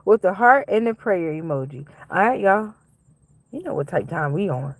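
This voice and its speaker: A woman's voice: lowish voice, sing-song, moderate pace, dry recording. A woman who reads tarot, hosting a casual livestream and reading out viewer comments in loose, slangy, frank talk with frequent swearing. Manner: reacts to chat and shouts out viewers by name.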